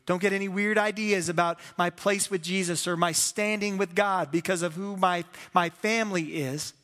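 Male pastor, sermon delivery, bright and forceful tone, animated storyteller acting out quotes, playful self-deprecating asides, live hall reverb. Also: sits high, normal speed, faint music behind.

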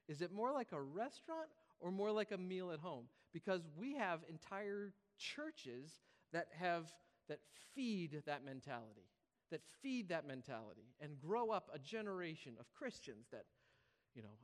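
High-voiced pastor in a reverberant hall. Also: male voice, big pitch swings, normal speed. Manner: comic, acts out voices, laughing asides. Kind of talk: humorous sermon. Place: large church hall.

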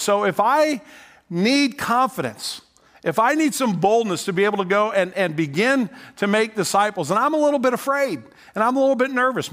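A man's voice: high-pitched, fairly bright tone. A man preaching a sermon, talking to his congregation in a conversational way, often asking "right?" and repeating words as he goes. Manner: repeats words while he speaks. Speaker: pastor.

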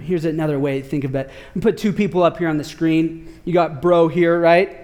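A man preaching a casual sermon, telling a story in an animated, slangy way with lots of filler words. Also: a little high, a little fast, few pauses. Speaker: pastor.

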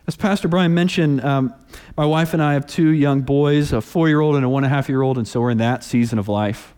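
A man's voice: mid-range voice, a little fast, clear, resonant tone, in a large hall. A man in his thirties preaching a sermon, telling stories and acting out the people in them. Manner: storytelling, animated voices for quoted people. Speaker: pastor.

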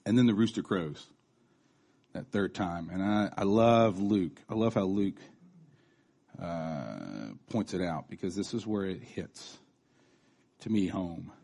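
A man's voice: sits low, animated, slow, creaky, long pauses, dark tone, husky. A man in his thirties giving a casual, conversational sermon, chatty, with restarts and asides. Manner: acts out quoted voices. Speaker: preacher.

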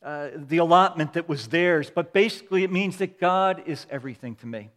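Pastor preaching in a reverberant church. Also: male voice, on the high side, a little fast, fairly bright tone. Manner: preaching with repeated refrains and swells of emphasis. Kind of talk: sermon. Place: church sanctuary. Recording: long reverb of a large hall.

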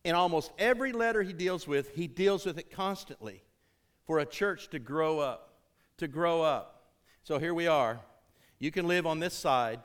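A man preaching a sermon to his congregation, emphatic, rising to urgent peaks and dropping low, calling out for responses. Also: animated, moderate pace. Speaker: pastor.

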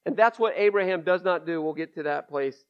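A man's voice: a little high, fairly quick. A man preaching a conversational sermon in a church, folksy and candid with emphatic asides. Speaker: pastor. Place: church sanctuary. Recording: dull lo-fi sermon recording.

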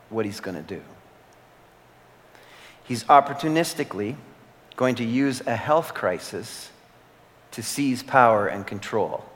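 Male pastor, earnest sermon delivery with repeated phrases and weighty pauses, recorded with a long reverberant hall tail. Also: mid-range voice, fairly bright tone.

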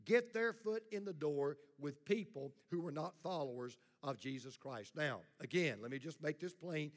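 Male pastor, middle-aged, blunt sermon delivery with call-and-response, somewhat high voice, long church reverb. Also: animated, normal speed. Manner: blunt, plain-spoken preaching with congregation call-and-response. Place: church sanctuary.

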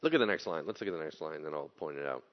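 A male pastor preaching a conversational sermon, animated and joking. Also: extremely low pitch, racing, muffled recording. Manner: animated, joking, acts out quotes.

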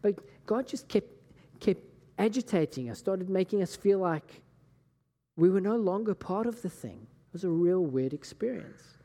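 Scottish male pastor, mellow, slightly high voice, casual storytelling sermon, echoing hall. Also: lively intonation, normal speed. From Scotland. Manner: casual, chatty, acts out conversations. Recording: long hall reverb.

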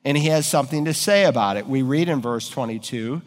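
A man's voice: mid-range voice, fairly quick, long reverb tail. A man preaching a sermon as pastor, building to emphatic raised peaks.

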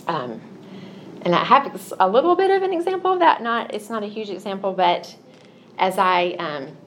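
A woman's voice: mid-range voice, sing-song, moderate pace, slight background noise. A middle-aged woman giving a Christian teaching talk, telling personal stories in an earnest, confessional way. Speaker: Christian speaker.

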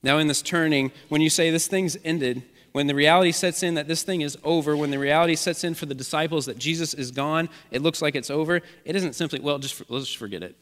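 A man's voice: on the high side, fairly even intonation, fairly quick, hardly any pauses, fairly bright tone, long reverb tail. A man preaching a sermon as the church's pastor, speaking with an earnest, repetitive preaching cadence.

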